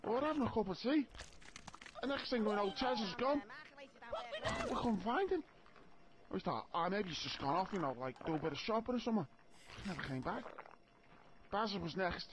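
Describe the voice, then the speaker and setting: A man's voice: high voice, animated, moderate pace, long pauses, crowd noise. An actor playing a jittery, frightened working-class man with a Liverpool accent, rattling through a story in video game dialogue.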